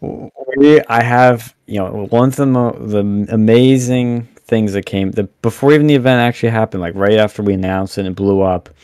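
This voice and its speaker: A young man talking as a podcast guest, animated and blunt, rambling with lots of fillers over a remote mic. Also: on the low side, moderate pace, few pauses, clean tone, no room sound, studio quality. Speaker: podcast guest, campus event organizer. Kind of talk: casual podcast interview.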